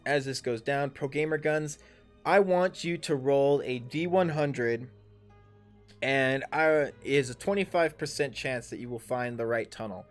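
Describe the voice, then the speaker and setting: Thirties game master, plain mid voice, hesitant delivery, faint music underneath. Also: male voice, mid-range voice, a little slow. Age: 30s. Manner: hesitant, many um and uh fillers. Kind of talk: narrating a tabletop game.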